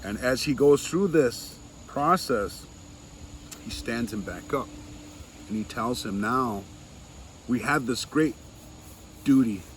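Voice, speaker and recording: Man telling an old story real slow, lots of pauses, crickets faintly behind him. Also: medium pitch, expressive, slight background noise, poor audio. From Seneca territory. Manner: slow, pausing, retells dialogue in quotes. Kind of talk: oral storytelling.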